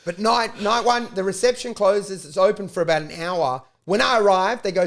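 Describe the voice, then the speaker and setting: High, gravelly Australian man ranting. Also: normal speed, hardly any pauses. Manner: profane, animated, rant-like storytelling. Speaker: comedian podcast host. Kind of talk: casual comedic storytelling.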